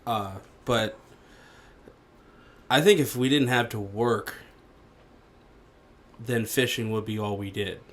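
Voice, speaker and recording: A man's voice: on the low side, slow pace, long pauses, a bit bright. A young man, a guest on a casual podcast, who answers in brief, easygoing replies. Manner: laid-back, short replies. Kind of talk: casual chat.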